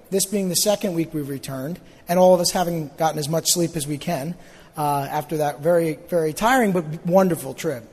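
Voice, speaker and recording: A pastor, a man with a slightly high voice, introduces a guest speaker to his congregation. He speaks earnestly, pausing on small fillers as he goes. His words trail off into the long reverb of a church hall. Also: darkish tone. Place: church sanctuary.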